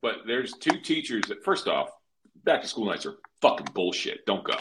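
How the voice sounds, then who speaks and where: A man co-hosting a podcast, telling stories in a loud, profane, animated way. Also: fairly low pitch, normal speed, noisy background. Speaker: podcast co-host. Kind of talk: casual podcast banter.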